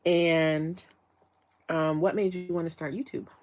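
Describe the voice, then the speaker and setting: A woman's voice: low-pitched, little pitch movement, measured pace. A woman from Chicago hosting a casual live chat, asking rambling questions with frequent restarts and fillers. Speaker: livestream host.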